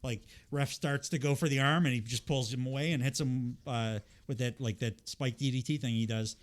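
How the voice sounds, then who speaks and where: A man's voice: mid-range voice, fairly even intonation, normal speed. A man with a cold hosting a podcast, recapping wrestling in a rambling, profane, casual way with many fillers. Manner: rambling, profane, lots of fillers and quoted impressions. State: has a cold. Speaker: podcast host.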